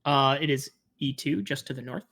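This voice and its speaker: A man narrating as game master of a tabletop game, halting and full of fillers. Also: mid-range voice, gravelly, pushed and bright.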